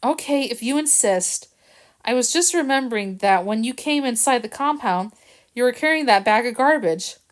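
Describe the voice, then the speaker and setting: A woman's voice: fairly high pitch, animated, normal speed, voice pushed up, close to an everyday voice. Woman voicing a nervous, evasive kennel owner. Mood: soothing. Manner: soothing but evasive. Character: nervous, evasive man who runs a kennel. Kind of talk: audiobook reading.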